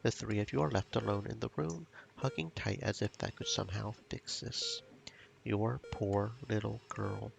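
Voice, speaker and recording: A man streaming a game, reading its story text and dialogue aloud at a slow, somber pace. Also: lowish voice, creaky. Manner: reads story text with quiet, somber pacing. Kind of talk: narrating and voicing game dialogue.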